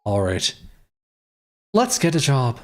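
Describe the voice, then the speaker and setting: A man's voice: medium pitch, wildly swooping pitch, takes it slowly. A man streaming, reading a visual novel aloud and voicing its lines in a playful way. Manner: playful, reads all characters.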